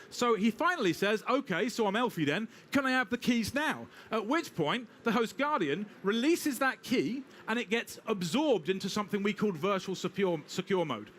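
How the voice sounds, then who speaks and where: A British man giving a live technical talk with a demo, brisk and wry, talking straight to the audience. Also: high-pitched, fairly bright tone, slight background noise. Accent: British English. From Britain. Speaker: technical presenter.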